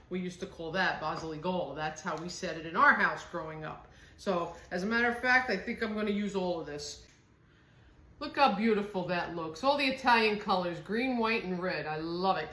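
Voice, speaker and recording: A woman's voice: fairly low pitch, a bit bright, roomy sound, slight background noise. A middle-aged woman from northern New Jersey with a New Jersey accent, chatting homily while she makes a salad in her kitchen. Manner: chatty, homey, reminiscing. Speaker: home cooking host. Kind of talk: casual cooking demonstration.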